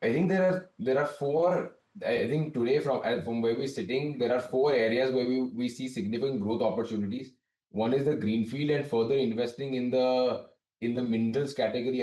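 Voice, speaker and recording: Male company director, measured explainer, dark tone, heard far off in an echoey room. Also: medium pitch. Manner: measured, explanatory, frequent restarts. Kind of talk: business interview answers. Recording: distant, roomy remote link.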